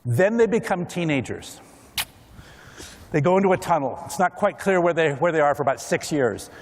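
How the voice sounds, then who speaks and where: Male keynote speaker, high lively voice, hall reverb. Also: normal speed, slight background noise. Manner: animated, acts out other people's voices. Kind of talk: conference keynote talk. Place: large conference hall.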